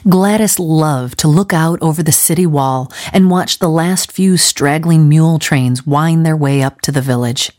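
Female audiobook narrator, lower register, measured and dramatic. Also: a little mellow. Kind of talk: storybook narration.

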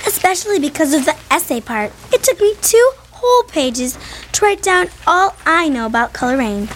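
A woman's voice: high-pitched, sing-song, moderate pace, a little hiss or hum. A woman playing a boastful know-it-all schoolgirl in a radio drama, insistent and bragging.

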